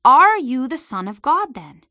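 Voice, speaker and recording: A woman voicing a group of scornful, angry men in a storybook reading, raising her voice high and loud. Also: big pitch swings, unhurried, dry recording, clean studio sound, exaggerated voice.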